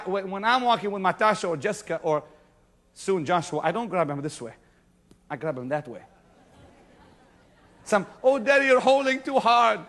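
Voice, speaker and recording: A male pastor preaching a sermon to a congregation, shouting some lines and dropping to a near hush on others. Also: high voice. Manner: preaching with sudden shouts and hushed stretches. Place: church before a congregation.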